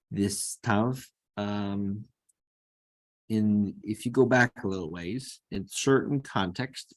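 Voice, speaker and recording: Slow, low-voiced male teacher. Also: no room sound. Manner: slow, repeats each word to model pronunciation. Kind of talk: screen-recorded lesson.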